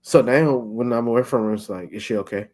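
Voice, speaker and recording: A man's voice: mid-range voice, fairly quick, a little mellow. A young man hosting a podcast, chatting casually and acting out his own thoughts as quotes. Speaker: podcast host. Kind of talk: casual chat.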